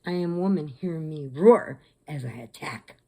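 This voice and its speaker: A woman's voice: low-pitched, lively intonation, unhurried, dark tone. A woman voicing her female pet bird as a sassy, defiant creature.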